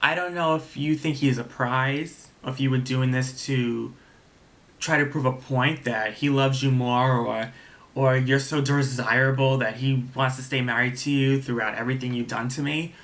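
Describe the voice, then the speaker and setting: A man's voice: mid-range voice, fairly even intonation, normal speed, fairly bright tone. A young man telling a personal story in a vlog, rambling and indignant. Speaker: vlogger.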